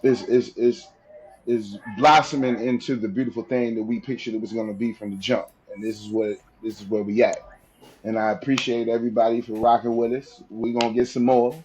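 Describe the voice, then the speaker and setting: A man co-hosting a podcast, talking in an earnest, steady way with frequent restarts. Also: medium pitch, brisk, rough recording. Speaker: podcast co-host. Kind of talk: casual podcast chat.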